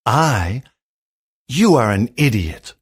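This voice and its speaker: A man's voice: on the low side, big pitch swings, slow pace, breathy edge, full character voice. A man doing a proud, indignant boy king. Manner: haughty and indignant.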